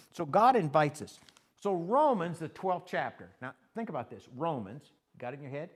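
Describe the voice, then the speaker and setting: A man's voice: fairly high pitch, normal speed, husky. An older man preaching a casual, story-driven sermon as pastor, acting out conversations from his own life. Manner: folksy, animated, quotes people in his stories.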